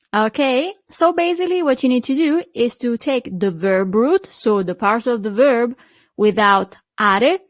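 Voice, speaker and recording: Lady teacher going slow, stretching out words for you to repeat, dry close mic. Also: a little high, no echo. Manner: slow, drawn-out model pronunciations for repeating. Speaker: Italian teacher. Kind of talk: online language lesson.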